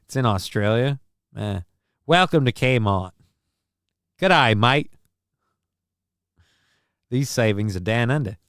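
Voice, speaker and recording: A man's voice: mid-range voice, animated, slow pace, long pauses, a bit bright, smooth, no echo, clean studio sound. A man from the American Midwest hosting a casual livestream, joking and rambling as he comments on the news. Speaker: host.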